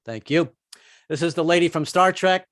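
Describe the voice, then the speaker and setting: A man's voice: on the high side, fairly bright tone, no echo, clean studio sound. A man doing a stand-up comedy set, stammering and repeating words before landing his jokes. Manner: halting, repeats words, drops into quick bits. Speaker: stand-up comic.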